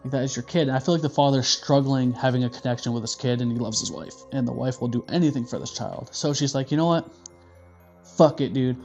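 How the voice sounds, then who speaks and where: A man's voice: medium pitch, fast, creaky, few pauses, a little mellow, highs cut off, soft background music. Profane joking man reviewing movies.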